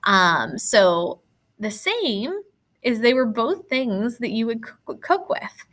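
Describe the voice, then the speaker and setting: A woman's voice: on the high side, big pitch swings, slow, fairly bright tone. A woman teacher going patiently through worksheet answers step by step, encouraging her pupils as she explains. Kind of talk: recorded classroom lesson.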